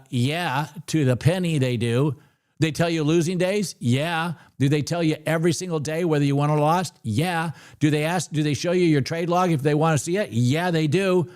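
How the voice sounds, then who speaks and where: A man hosting a live trading stream, ranting bluntly and getting excited as he calls trades. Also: a little high. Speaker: livestream trading host. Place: trading desk.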